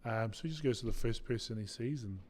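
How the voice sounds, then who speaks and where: A man's voice: mid-range voice, fast talker, darkish tone. A man narrating a tabletop game as game master, laid-back and chuckling.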